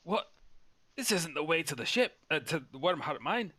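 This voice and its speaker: A man's voice: fairly high pitch, sing-song, moderate pace, sharp tone, voice pushed up, full character voice. A man putting on an eager little dwarf. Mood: puzzled. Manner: eager, chirpy and easily deflated. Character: excitable little male dwarf.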